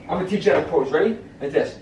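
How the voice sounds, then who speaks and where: A man in a casual family vlog, explaining things calmly and matter-of-factly. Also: fairly high pitch, racing, vocal fry, slight background noise. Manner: calm, matter-of-fact explaining. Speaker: husband and dad. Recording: echoey room, off-mic.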